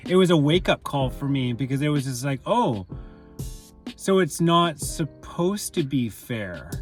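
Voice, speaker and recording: Rambling, candid man with raised pitch. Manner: rambling, candid, many fillers and restarts. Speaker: channel host. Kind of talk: casual personal monologue.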